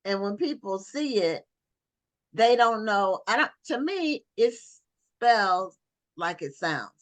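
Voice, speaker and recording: A woman hosting a talk show over a video call, chatty and quick to laugh. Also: medium pitch, expressive, no room sound. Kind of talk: casual interview chat.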